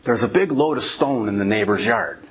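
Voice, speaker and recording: A middle-aged man preaching as a pastor, telling a funny story with lively energy before reading and explaining Scripture. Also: on the low side, moderate pace. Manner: animated storyteller, laughs while telling. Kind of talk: sermon with storytelling.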